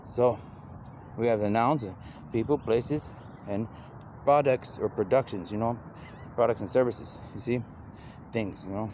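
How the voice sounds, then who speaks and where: A man rambles on in an unhurried stream of talk, stringing thoughts together with endless "you know"s. His voice sits at an ordinary middle pitch. A faint background hiss runs under the recording. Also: darkish tone. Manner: rambling, loose, repeats "you know" constantly, slips into quoted voices. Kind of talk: rambling monologue.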